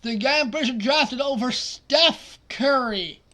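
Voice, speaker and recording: A man commenting casually on a basketball simulation, muttering quietly at times and then breaking into loud, excited outbursts. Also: very high-pitched, measured pace. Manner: excitable, swings from mumbled asides to loud outbursts. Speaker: simulation gaming streamer.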